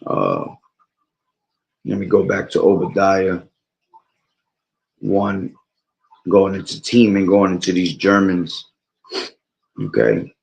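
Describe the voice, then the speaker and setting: A man's voice: deep voice, sing-song, takes it slowly, creaky, pauses often, darkish tone, lo-fi sound. A man preaching about prophecy and reading scripture aloud, rambling and checking in with "all right?" while he is losing his voice. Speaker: bible teacher streamer.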